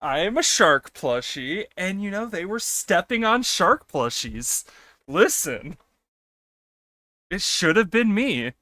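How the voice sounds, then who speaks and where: A young man streaming, chatting casually with his viewers in an animated way, laughing often and swearing freely. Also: sits high, slow pace, no room sound, studio quality. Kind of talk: casual live-stream chat.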